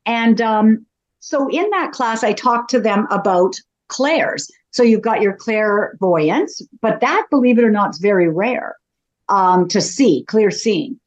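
A woman's voice: medium pitch, expressive, measured pace, lo-fi sound. A woman, a psychic medium, talking casually in an interview as a chatty, self-deprecating storyteller.

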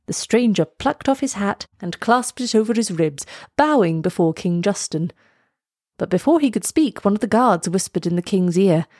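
A woman with a mid-range voice reads a children's storybook aloud, measured and expressive. The recording is dry and clean, with studio sound.

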